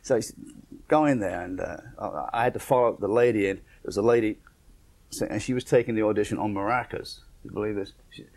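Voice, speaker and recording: A man's voice: fairly low pitch, fast talker. A man with an English accent, a jazz pianist telling an anecdote in an interview, acting out the dialogue. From England. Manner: animated storyteller acting out dialogue.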